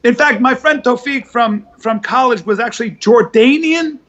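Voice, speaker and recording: A man chatting as a podcast guest, telling animated stories with many restarts and some swearing. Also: extremely high pitch, normal speed, highs cut off. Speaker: guest, comedian and actor. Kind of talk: casual podcast chat.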